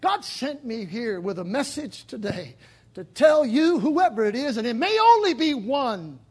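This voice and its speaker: High husky preacher man, fiery. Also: sing-song, a little slow. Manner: dramatic preaching, swinging from shouts to near whispers. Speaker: pastor. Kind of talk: sermon. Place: church sanctuary.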